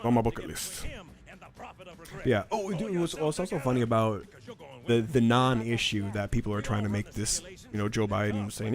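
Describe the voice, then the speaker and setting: A man's voice: fairly low pitch, normal speed. A man co-hosting a casual chat while playing a video game, telling long rambling stories and laughing often. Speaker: co-host.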